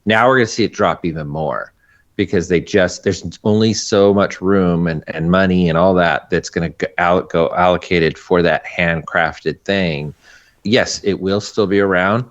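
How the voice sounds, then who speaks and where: Earnest low-voiced man, muffled audio. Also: steady tone, normal speed. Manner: earnest, emphatic, with frequent restarts. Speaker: animator guest. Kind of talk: casual podcast discussion.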